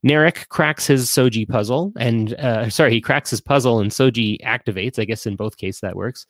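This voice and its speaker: A man's voice: mid-range voice, normal speed, dry recording, clean studio sound. A man hosting a casual live-stream chat show, rambling with lots of fillers and restarts.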